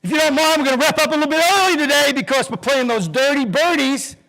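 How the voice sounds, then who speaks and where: A man acting out an excited preacher with a rhythmic preaching cadence. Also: very high-pitched, fast talker, pitched above the performer's own voice, full character voice, rough recording. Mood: exuberant. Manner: preaching call-and-response cadence. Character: excited booming preacher man, fiery and joyful.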